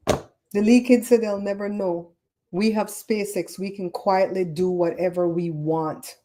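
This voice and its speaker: A woman with a Caribbean accent hosting a casual livestream show, chatty and animated as she tells stories and rants about grammar. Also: on the low side. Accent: Caribbean English. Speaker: podcast host. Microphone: streaming setup microphone.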